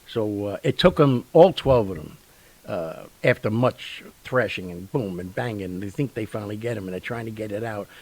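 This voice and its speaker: A man hosts a casual storytelling show with a low, gravelly voice. He has a husky edge and rambles animatedly, with plenty of fillers and sound effects. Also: normal speed, darkish tone, rough recording. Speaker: radio show host.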